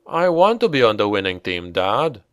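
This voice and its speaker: A man's voice: on the high side, wildly swooping pitch, slow pace, no room sound, studio quality, pitched above the performer's own voice, exaggerated voice. A man reading the part of an eager young man on guard duty, pleading and rising with worry as he asks after his brother. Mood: anxious.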